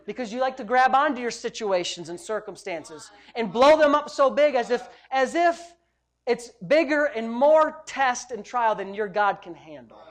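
A middle-aged man, a pastor, preaching a sermon in an animated, joking way with frequent exclamations of praise. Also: very high-pitched, moderate pace.

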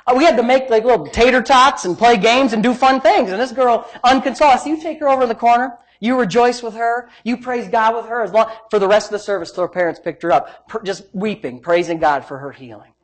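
A middle-aged man preaching, a pastor telling a healing story in an animated way, swinging between loud and soft and laughing as he talks. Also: very high voice, fast talker, hardly any pauses. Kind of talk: sermon storytelling.

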